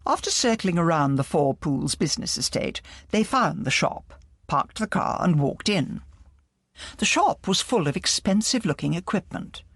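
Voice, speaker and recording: A narrator reading an audiobook in a lively, expressive way, with a gravelly voice. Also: mid-range voice, moderate pace, no room sound.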